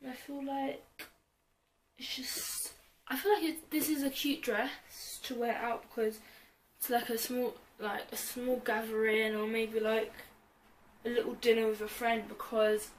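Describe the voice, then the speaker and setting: A woman's voice: a little high, fairly even intonation, measured pace, slight background noise. A woman chatting through a clothing try-on haul at home, rambling and joking at herself, full of "like". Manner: bubbly, rambling, self-mocking, heavy use of "like". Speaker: fashion vlogger.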